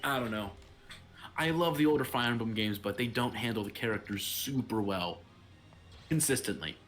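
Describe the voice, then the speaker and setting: A man's voice: medium pitch, moderate pace, fairly bright tone. A young man hosting a let's-play, chatting casually and rambling with lots of filler words. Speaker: gaming channel host.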